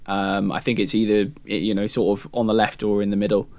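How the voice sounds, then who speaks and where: A man's voice: on the low side, flat delivery, a little fast, a little mellow, no room sound. A man, a football journalist, chatting on a football podcast and hedging his opinions with frequent "I think". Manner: thoughtful, hedging with "I think" and "you know". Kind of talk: casual football podcast chat.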